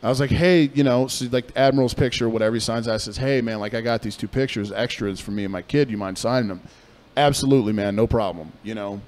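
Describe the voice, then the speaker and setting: A young man spinning a story on a casual radio chat show. He talks in a loose, profane, animated way, with a voice in the middle range. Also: medium pitch, fast talker. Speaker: podcast co-host.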